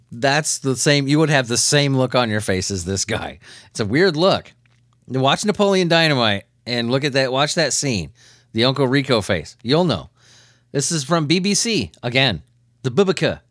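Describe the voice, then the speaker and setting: A man's voice: medium pitch, fairly bright tone, no room sound, studio quality. Irreverent, profane male podcast host. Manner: irreverent, profane riffing with frequent chuckles; loose, rambling tangents. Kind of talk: comedic news commentary.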